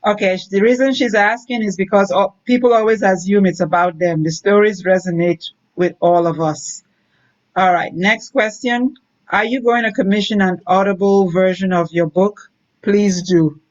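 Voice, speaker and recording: A woman's voice: mid-range voice, steady tone, normal speed. A woman curator hosts the talk and reads audience questions aloud. Her audio comes through dull and lo-fi, like a video call. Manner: brief affirmations and laughs. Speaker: curator host. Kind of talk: interview hosting, reading audience questions.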